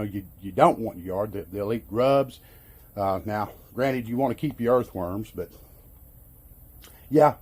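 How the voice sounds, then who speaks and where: A middle-aged man from Arkansas vlogs a DIY job with a Southern drawl, rambling in a folksy, self-amused way. His mid-range voice has a darkish tone, and the talk is casual.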